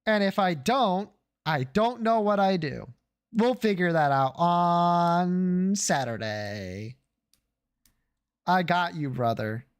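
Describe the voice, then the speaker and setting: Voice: mid-range voice, animated, takes it slowly, clear, resonant tone. A streamer chatting casually to viewers while gaming, joking around and swearing freely. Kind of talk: casual game stream chat.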